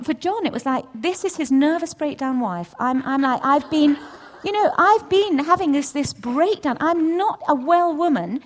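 A middle-aged woman giving a testimony at a church session, storytelling with lively acted-out dialogue. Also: moderate pace. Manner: animated storytelling, acts out voices with big pitch jumps. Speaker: church speaker. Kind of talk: testimony sermon.

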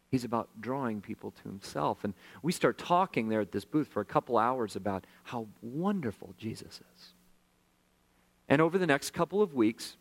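A man's voice: mid-range voice, gravelly, rough recording. A male pastor telling a story in a sermon, acting out the voices of the people in it.

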